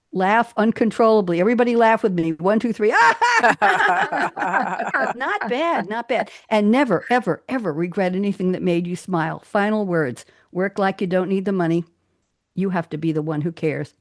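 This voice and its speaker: A woman's voice: mid-range voice, a little mellow, no echo, clean studio sound. An older woman hosting a live talk show, chatty and theatrical, reading out her own poem with flair. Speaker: host.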